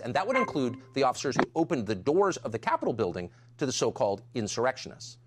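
Emphatic male commentator, fast and lively. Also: medium pitch. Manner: indignant, emphatic. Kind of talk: scripted monologue.

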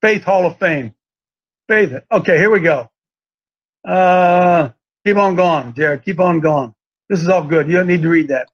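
A pastor hosting a talk show, preaching with passion and shifting from quiet reading to loud shouting. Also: male voice, sits high, unhurried, pauses often, dull audio.

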